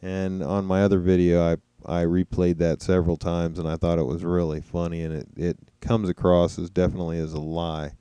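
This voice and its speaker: A man's voice: sits low, level tone, brisk, hardly any pauses, mellow, smooth, dry recording. A man giving casual spoken commentary over replayed clips, musing and now and then mocking what he hears. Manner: conversational, musing, mocking imitations. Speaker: commentator reacting to trial footage.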